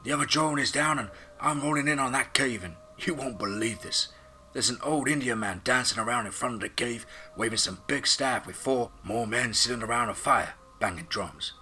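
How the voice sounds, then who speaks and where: A man voicing a male drone pilot reporting over the radio, loud, excited and swearing. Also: medium pitch, normal speed, faint music behind, voice pushed up.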